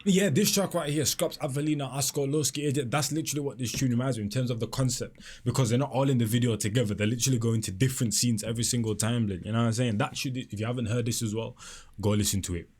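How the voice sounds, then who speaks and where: A man's voice: medium pitch, fairly even intonation, quick pace, darkish tone. Chatty young man. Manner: chatty, heavy street slang, frequent fillers. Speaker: music reaction channel host. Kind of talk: casual reaction commentary.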